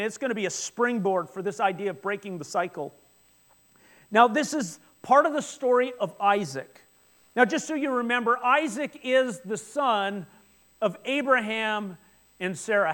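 A man with a notably high voice preaching a sermon. He retells the scripture story in a loose, conversational way, with quick asides, and often stumbles over repeated words at the start of sentences. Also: fairly bright tone. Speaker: pastor.

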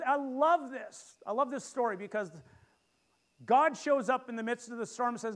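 High-voiced man preaching a sermon. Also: moderate pace, vocal fry. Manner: animated, jokes with the congregation and leads call-and-response. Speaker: pastor. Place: church sanctuary.

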